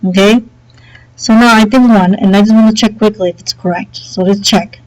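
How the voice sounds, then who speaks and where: A woman's voice: mid-range voice, normal speed, poor audio. Woman teacher on a headset doing a screen tutorial, easygoing, keeps saying okay. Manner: relaxed and chatty, many okays and fillers. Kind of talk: screen-recorded software tutorial.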